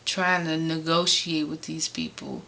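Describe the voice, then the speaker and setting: A woman casually telling a personal story from Chicago, animated and rising sharply in pitch when exasperated. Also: measured pace, background noise.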